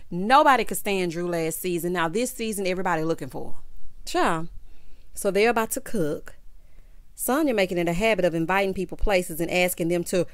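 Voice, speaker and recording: A woman in her fifties giving a sassy, animated recap commentary on a reality show. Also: lowish voice, no room sound. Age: 50s. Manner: sassy, animated, drawn-out teasing.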